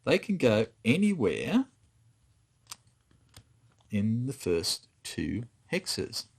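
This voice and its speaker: A man's voice: medium pitch, wildly swooping pitch, drawn-out words, creaky, breathy edge. A man thinking aloud and counting as he plays through a tabletop wargame, muttering to himself as he moves pieces. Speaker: board game player. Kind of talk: solo tabletop wargame playthrough commentary.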